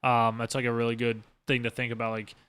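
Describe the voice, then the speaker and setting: A man's voice: medium pitch, monotone, fast talker, a bit bright, clear, resonant tone, no echo. A man hosting a casual podcast monologue as a streamer, rambling and emphatic with lots of swearing. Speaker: streamer host.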